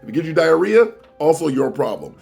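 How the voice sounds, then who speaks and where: A man telling a comedic story on his vlog, animated, swinging from loud, exaggerated lines to low mutters. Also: a little fast, creaky, soft background music. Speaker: vlogger.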